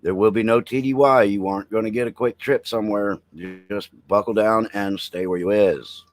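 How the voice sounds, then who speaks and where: Man, middle-aged, low voice, blunt joking headline commentary, dry close sound. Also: steady tone, normal speed, no echo, low-quality recording. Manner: blunt, joking, reads headlines then riffs, talks to chat. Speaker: veteran podcast host. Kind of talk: casual live-stream commentary.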